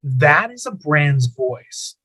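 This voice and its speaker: A man's voice: a little high, big pitch swings, slow pace, sharp tone, husky, low-quality recording. A man who is a guest on an interview podcast, talking casually about his business, with a rambling, filler-heavy way of talking.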